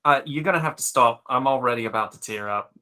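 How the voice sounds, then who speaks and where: Brief: quick, bright male player, mock-earnest and playful. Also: medium pitch. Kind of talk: casual tabletop game chat.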